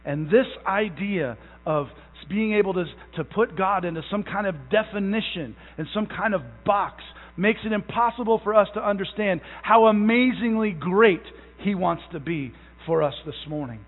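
A young man preaching a sermon as pastor, emphatic, stretching out key words and restarting phrases. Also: high-pitched. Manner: repeats phrases, halting restarts. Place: church sanctuary. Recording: tinny phone-like sound in a long-echo hall.

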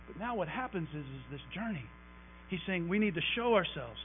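A man preaching a conversational, animated sermon in a church sanctuary, joking with the congregation as he goes. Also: high voice, fairly quick. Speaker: pastor. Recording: tinny phone-like recording with mains hum.

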